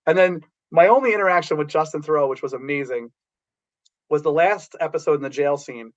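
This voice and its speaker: Middle-aged guy rambling thru on-set stories, kinda high voice, muffled lo-fi audio. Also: a little fast. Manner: rambling, animated storytelling with restarts. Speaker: guest, background actor. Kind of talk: casual anecdote telling.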